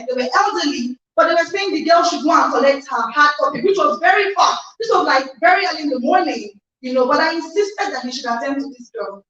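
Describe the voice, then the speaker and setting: A Nigerian woman hosts a motivational online conference with a high, bright voice, exuberant and emphatic as she repeats her phrases. Her sound is echoey and set back from the mic. The audio is dull and lo-fi. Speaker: host of an online conference livestream. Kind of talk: energetic motivational hosting. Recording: echoey distant lo-fi livestream audio.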